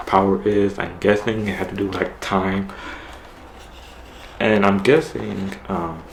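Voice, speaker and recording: A man's voice: on the low side, gravelly, darkish tone, slight background noise, poor audio. A man casually retelling a TV episode, rambling with lots of fillers. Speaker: show reviewer.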